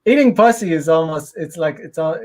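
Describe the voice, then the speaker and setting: A male podcast guest with a high voice who wanders through his thoughts in loose, filler-heavy talk. He laughs often between phrases. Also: animated, brisk. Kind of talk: casual podcast chat.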